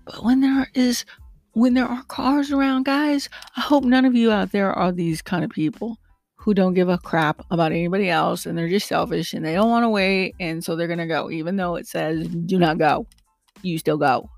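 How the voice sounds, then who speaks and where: A woman vlogger chatting casually to her viewers in a rambling, animated way about her pet peeves. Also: fairly low pitch, normal speed, vocal fry, no echo, faint music behind. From lives in Texas. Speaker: vlogger and rideshare driver. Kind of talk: casual chat to camera.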